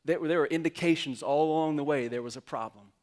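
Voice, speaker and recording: A man's voice: on the high side, quick pace, a little mellow. Storytelling male pastor, acted-out quotes. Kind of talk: sermon.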